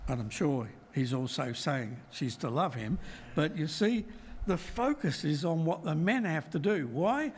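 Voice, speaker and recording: A middle-aged man gives a Bible talk in a slow, deliberate way, pressing hard on key words. His voice sits a little high for a man. A faint hum of room noise runs under him. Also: lively intonation. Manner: measured, emphatic, reflective. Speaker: lay preacher.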